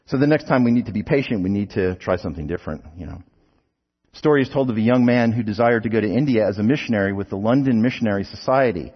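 A man's voice: lowish voice, fast talker, husky. A man preaching a sermon, telling stories with rhetorical questions and light asides, in a dull recording with a long hall echo.

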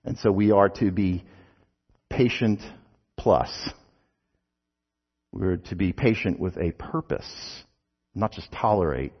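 Delivering a sermon in a low-pitched voice, a man weaves stories with rhetorical questions and light asides. The recording is dull and carries a long echo from the hall.

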